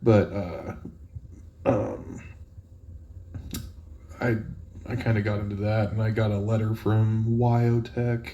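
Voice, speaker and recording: A man's voice: fairly low pitch, flat delivery, takes it slowly, long pauses, mellow, lo-fi sound. A man who is a podcast guest, telling stories in casual chat and laughing often.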